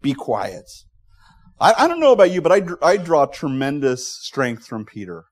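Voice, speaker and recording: A man's voice: fairly high pitch, wildly swooping pitch, a little fast. A middle-aged male pastor preaching a conversational expository sermon, acting out quoted voices and asides.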